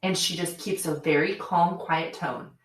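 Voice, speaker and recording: Woman guest on a podcast, kinda low voice, honest and self-deprecating, roomy echo. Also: fairly even intonation, a little slow. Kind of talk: casual chat.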